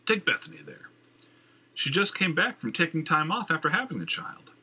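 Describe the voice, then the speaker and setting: A man voicing a fussy, pompous middle-aged male theater owner, in a high, flustered and theatrical way. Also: very animated, normal speed, bright, forceful tone, breathy edge, heavily acted.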